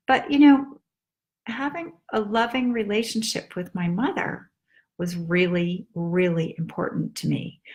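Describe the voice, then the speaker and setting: A woman life coach giving casual advice in a calm, direct way, stretching words for emphasis. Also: mid-range voice.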